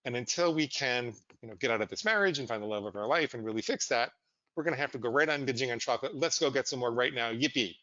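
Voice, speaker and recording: A man's voice: mid-range voice, animated, quick pace, pushed and bright, no echo, muffled recording. A man voicing the coaxing inner voice of justification in his head, cheerfully persuasive and indulgent.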